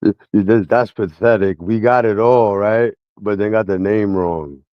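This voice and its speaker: A man's voice: on the low side, fairly even intonation, normal speed, dry recording, muffled recording. A man livestreaming a casual rant at his chat in a mocking, slang-heavy way.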